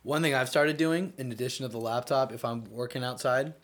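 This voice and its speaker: A man's voice: medium pitch, fairly quick, fairly bright tone. Eager male podcast host. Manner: eager, asks rambling questions. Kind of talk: podcast interview.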